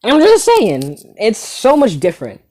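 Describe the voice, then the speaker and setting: A young man telling a crude comedy story in an animated, sarcastic way, full of rhetorical asides. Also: sits high, measured pace.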